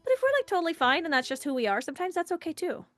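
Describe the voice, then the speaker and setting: Her pitch is extremely high and she talks very fast over soft background music, with no room sound. The woman is leading a live online workshop, chatty and animated, playfully performing quoted dialogue in different voices and adding casual asides.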